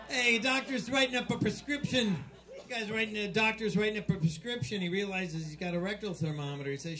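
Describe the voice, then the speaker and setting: A man doing stand-up, telling dirty jokes in a rambling, stumbling way with loud punchlines, live in a small club. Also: high-pitched, fairly quick, music in the background. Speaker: stand-up comic.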